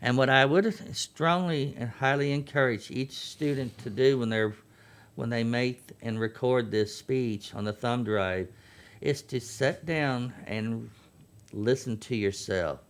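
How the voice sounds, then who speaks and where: A man's voice: medium pitch, measured pace, clear, resonant tone. A man, a guest on a radio show, earnestly explaining contest rules and repeating key points. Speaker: veterans post youth program chairman.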